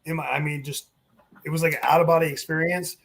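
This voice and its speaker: A man's voice: a little high, fast. A man, a former wrestling referee, telling stories in a casual interview, acting out what others said to him. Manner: animated, acts out quotes with swearing and laughs.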